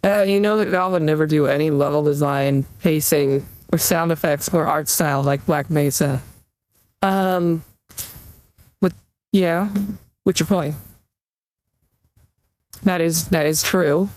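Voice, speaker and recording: A man's voice: fairly high pitch, steady tone, measured pace, pauses often, a little mellow, no room sound, poor audio. A young man streaming, chatting casually and rambling while he reads out donations, into a desktop USB mic. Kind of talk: casual livestream chat.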